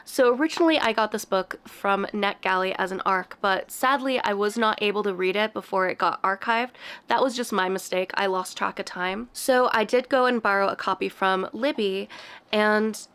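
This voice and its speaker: A woman's voice: medium pitch, moderate pace, fairly bright tone, smooth. A woman who is sick, chatting casually and candidly as she reviews books she read, laughing often. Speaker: book reviewer. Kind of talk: casual book review chat.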